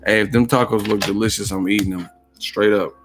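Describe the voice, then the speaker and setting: A man's voice: fairly low pitch, steady tone, fairly quick, over music. A man hosting a boxing livestream who talks casually, jokes, swears freely and laughs often. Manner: profane, joking, laughs a lot. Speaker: boxing YouTube host.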